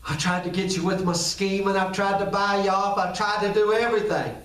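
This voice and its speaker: A man voicing a humbled old man who confesses his scheming in a low, hushed whisper. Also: steady tone, a little fast. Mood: confessing. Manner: broken, confessional. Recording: echoey room, distant mic.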